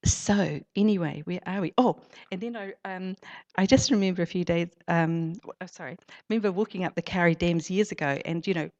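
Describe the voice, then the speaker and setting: A woman's voice: on the low side, brisk, darkish tone. A woman giving an informal church talk, reading a story aloud and then rambling through personal reflections with fillers. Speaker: church speaker. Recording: dull lo-fi recording.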